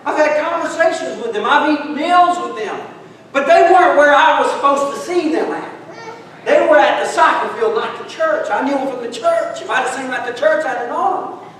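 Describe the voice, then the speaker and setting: Brief: middle-aged man, folksy humorous preacher, high voice, recorded from far off with long reverb. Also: fairly quick, fairly bright tone, slight background noise. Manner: folksy storytelling with humor, calls listeners "friends". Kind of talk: sermon. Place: large church hall. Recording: echoey church hall recording from far off.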